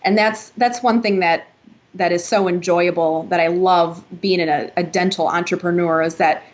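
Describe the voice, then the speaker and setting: A woman's voice: lowish voice, steady tone. Woman guest on a podcast, upbeat, agrees a lot, audio a bit dull and muffled. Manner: enthusiastic, quick to agree. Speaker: dental consultant guest. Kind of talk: casual interview chat.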